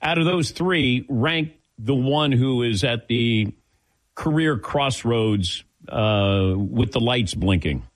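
A man's voice: mid-range voice, takes it slowly. A man hosting a sports talk show, chatting loosely with plenty of restarts and fillers. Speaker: sports radio host.

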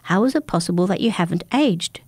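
A woman's voice: fairly low pitch, animated, a little fast, a little mellow, no room sound. A woman voicing Junwu, a frightened young man. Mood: bewildered. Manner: pleading, alarmed questioning. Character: frightened young male villager, bewildered, desperate.

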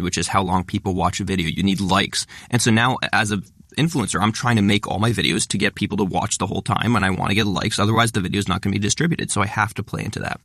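Fast-talking male creator, low-ish voice, dry close sound, emphatic explainer. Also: a bit bright, dry recording. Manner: fast-talking, explanatory, stresses many words. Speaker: guest, content creator. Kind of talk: conversational interview.

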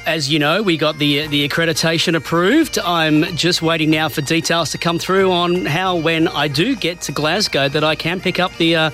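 A man from Sydney, a radio show's sports correspondent, giving short deadpan replies. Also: fairly high pitch, normal speed, few pauses, faint music behind. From Sydney, Australia. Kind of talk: casual radio banter. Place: radio studio.

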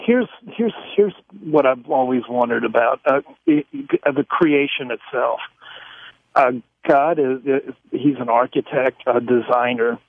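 A man calling in to a radio show, asking a long question in a hesitant, halting way. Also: medium pitch, dry recording. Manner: hesitant, halting, many restarts. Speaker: caller. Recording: phone line.

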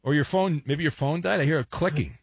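A man's voice: fairly high pitch, a little fast, creaky, slightly rough, dry recording, clean studio sound. A man hosting a sports talk radio show, chatty and joking with a sarcastic edge. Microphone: studio mic.

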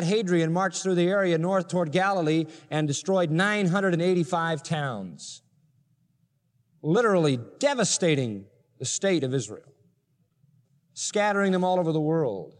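A man preaching an expository sermon, explaining scripture verse by verse with emphatic teaching. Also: on the high side. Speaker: pastor. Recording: long hall reverb.

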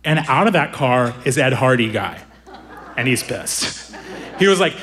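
A man telling a stand-up comedy story, animated and laughing as he slips into quoted voices. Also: medium pitch, moderate pace.

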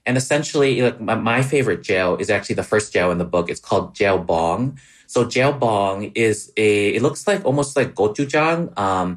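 A man's voice: lowish voice, lively intonation. A man with a Wisconsin accent, a cookbook author chatting eagerly in an interview, with lots of likes and ums. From Wisconsin, USA. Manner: quick, enthusiastic, filler-heavy. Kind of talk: casual interview chat.

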